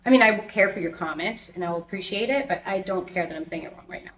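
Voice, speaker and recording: A woman chatting casually as a plant vlogger, talking loudly, giggling, swearing and talking to her plants at home. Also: medium pitch, fast. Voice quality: loud, close to yelling. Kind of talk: casual chat. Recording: echoey room with faint background noise.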